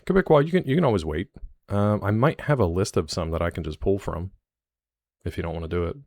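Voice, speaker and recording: Male streamer, deep voice, joking and rambling with chat, dry close mic. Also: animated, quick pace, darkish tone, no echo. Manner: chatty, jokey, rambling asides to chat. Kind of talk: live stream chat with viewers.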